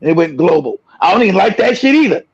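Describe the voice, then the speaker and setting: Man, livestream host, angry profane rant, high-pitched, husky, dull lo-fi audio. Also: very animated, fast. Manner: profane, aggressive, shouting rant. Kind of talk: angry ranting monologue.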